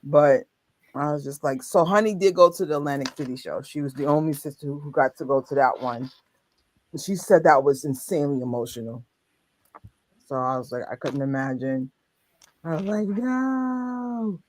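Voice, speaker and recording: Co-host chatting, laughs a lot, acts out what people said, mid pitch, dry close sound. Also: moderate pace, no echo. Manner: animated storytelling with laughter and quoted reactions. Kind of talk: casual chat.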